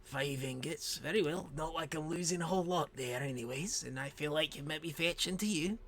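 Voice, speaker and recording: A man voicing a calm female dwarf merchant who bargains in a soft voice. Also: a little high, fairly quick, pitched above the performer's own voice, lightly acted. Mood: businesslike.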